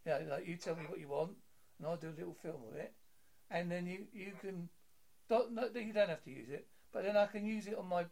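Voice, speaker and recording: A man's voice: high voice, fairly quick, vocal fry, darkish tone. A British man hosting an interview, chatting in a jokey, easygoing way with frequent stammered restarts. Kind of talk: casual interview chat.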